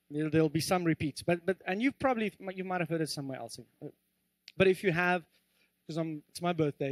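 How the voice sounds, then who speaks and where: High-voiced man preaching a sermon. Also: dry recording. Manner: earnest, animated, joking asides. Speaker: pastor. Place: church.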